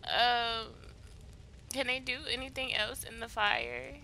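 Woman let's-play host, slow unhurried delivery, bright voice, excitable and chatty with her audience. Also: a little high, gravelly, a little hiss or hum. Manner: gushing, excitable, talks to viewers as y'all. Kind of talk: casual gaming commentary.

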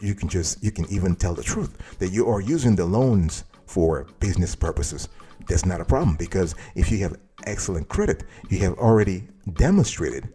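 Deep, animated man explaining credit. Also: husky. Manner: emphatic, addresses viewer directly as "boss". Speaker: host giving financial advice. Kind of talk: direct-to-camera tutorial.

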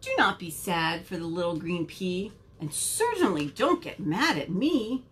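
A woman's voice: on the low side, expressive, a little slow, a bit bright, a little hiss or hum, pitched below the performer's own voice. A woman voicing a cheerful, squirmy worm storyteller in a picture book read-aloud, with a bouncy, chummy manner. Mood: playful.

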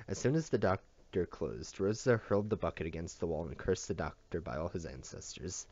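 Deep-voiced man reading a novel aloud. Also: expressive, brisk, few pauses, a little mellow. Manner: plain reading with stumbles and self-corrections. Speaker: audiobook reader. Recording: dull dry lo-fi home recording.

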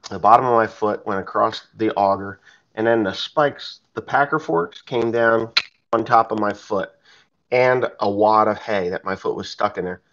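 Blunt, profane farmer telling a story. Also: male voice, lowish voice, normal speed, fairly bright tone, dull audio. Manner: blunt and profane, plain-spoken. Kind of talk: casual spoken storytelling.

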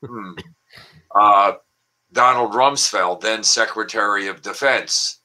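An older man with a low, very bright and forceful voice, chatting over a video call. He rambles cheerfully through puns, with plenty of ums and uhs. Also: slow, rough recording. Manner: chatty, with frequent filler words and pun-laden asides. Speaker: language columnist and guest. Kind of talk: casual online wordplay talk.

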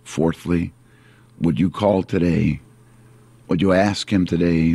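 A low-voiced man delivers an earnest sermon at an unhurried pace. He repeats his points and slows on the words that matter most. The sound is dry and close. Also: fairly even intonation, gravelly, dark tone, husky, no echo. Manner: earnest, repetitive preaching, slowing on key phrases. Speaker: pastor.

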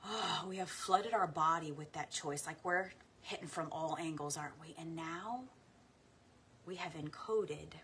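Low, bright-toned woman guiding a meditation. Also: a little hiss or hum. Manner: soft, slow guiding voice; laughs into her words when playful. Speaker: spiritual coach. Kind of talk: guided meditation and affirmation practice. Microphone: talking to camera.

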